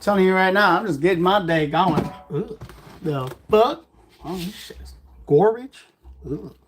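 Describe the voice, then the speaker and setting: A man's voice: high-pitched, unhurried, a little hiss or hum. Blunt, profane man giving a pep talk. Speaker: vlogger. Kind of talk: casual livestream pep talk.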